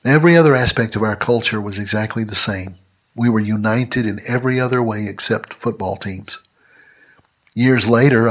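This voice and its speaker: A man, giving an emphatic, deliberate scripted monologue as a religious commentator. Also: fairly low pitch. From United States.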